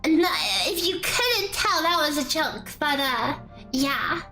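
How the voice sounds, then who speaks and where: A woman's voice: high voice, animated, slow, rough recording. A woman streamer in a casual live-stream, explaining a game damage calculator in a chatty, rambling way with playful asides. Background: faint background music.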